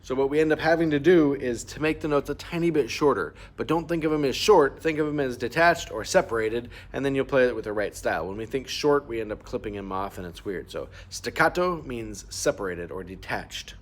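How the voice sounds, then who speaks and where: A man's voice: medium pitch, brisk, few pauses. Patient man teaching clarinet. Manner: patient, explanatory, sings rhythms aloud. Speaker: band teacher. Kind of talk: instrument lesson walkthrough.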